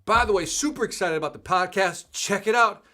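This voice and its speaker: Male host, middle-aged, bright energetic delivery, calls out live-chat viewers by name, casual tone. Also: sits high, fairly quick. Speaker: host of a live sales show.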